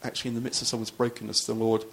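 A man's voice: mid-range voice, completely flat delivery, racing, creaky, fairly bright tone, slight background noise. A man, a pastor, preaching a sermon in a loose, conversational storytelling way with frequent restarts.

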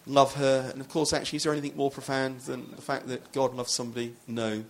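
A man's voice: mid-range voice, fairly even intonation, fast, vocal fry. A man, a pastor, preaching a sermon in a loose, conversational storytelling way with frequent restarts.

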